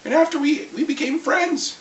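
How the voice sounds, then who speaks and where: A vlogger getting over a cold, clearing the throat, telling a rambling, lively story about a tabletop game in a casual rant. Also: sits high, moderate pace, dull audio. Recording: echoey room, far from mic, faint hiss.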